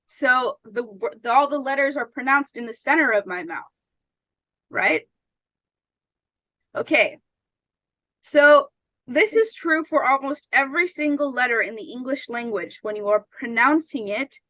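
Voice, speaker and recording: A woman's voice: high-pitched, bright, forceful tone, no room sound, poor audio. A woman teaching an English pronunciation lesson, patient and often checking that her students understand.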